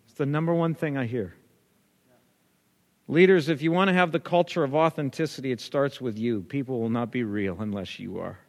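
A man's voice: fairly high pitch, lively intonation, normal speed. A male pastor preaching a sermon, telling a story and building up to emphatic, repeated lines. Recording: long hall reverb.

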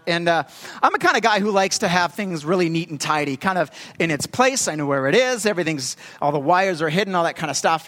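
A young adult man preaching a storytelling sermon as pastor, talking in a conversational, halting way with plenty of fillers. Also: high voice, fairly bright tone. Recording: long hall reverb.

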